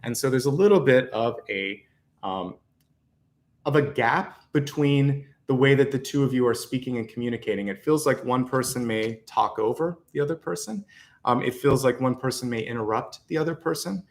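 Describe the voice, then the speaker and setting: A man's voice: mid-range voice, normal speed. A man with a mid-range voice gives a tarot reading to his viewers. He talks in a confident, encouraging and easygoing way, with the odd filler as he goes. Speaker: tarot reader.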